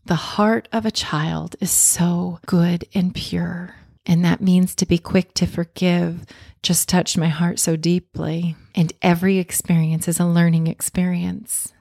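Woman, a mother, candid and self-reflective storyteller; low voice with a gravelly edge. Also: flat delivery, unhurried, warm tone, no room sound, studio quality. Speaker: mother telling a personal story.

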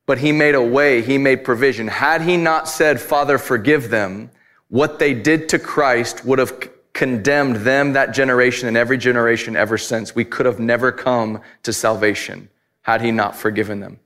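A man's voice: medium pitch, normal speed, a bit bright. A married man preaching a sermon, telling a personal story candidly and building to emphatic points. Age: adult, married. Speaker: pastor.

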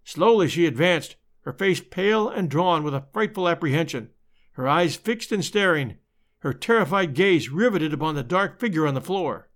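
A man reading a classic detective story aloud in an expressive, dramatic storytelling manner. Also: on the high side, normal speed. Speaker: narrator.

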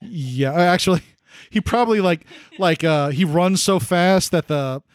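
A man's voice: high voice, unhurried, no echo. A man acting as game master, narrating a tabletop game in a casual, easygoing way.

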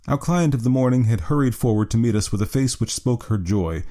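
A man narrating a classic story as an audiobook in a measured, even reading. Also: medium pitch.

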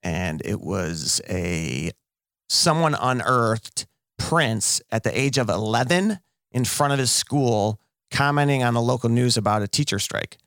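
An animated man co-hosting a podcast, his pitch swinging widely as he tells stories. He acts out the people in his anecdotes. The recording is dry and close, with no room sound. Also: measured pace, no room sound. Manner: animated storyteller who acts out quotes. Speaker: podcast co-host. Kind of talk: casual storytelling chat.

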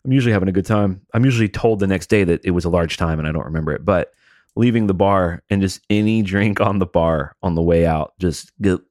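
A man's voice: low voice, fast, a little mellow, no room sound, clean studio sound. A man co-hosting a podcast, telling loose stories with casual swearing. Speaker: podcast co-host. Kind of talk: casual banter.

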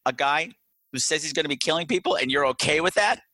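A man's voice: a little high, animated, fast, bright, forceful tone, dry recording. A man co-hosting a podcast, talking enthusiastically about a movie and laughing often. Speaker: podcast co-host. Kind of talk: casual movie discussion.

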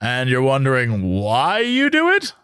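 A man's voice: mid-range voice, wildly swooping pitch, unhurried, fairly bright tone, clean tone, pitched below the performer's own voice. A man reading as a blunt radio shock jock. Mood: prying. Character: brash male radio shock jock host.

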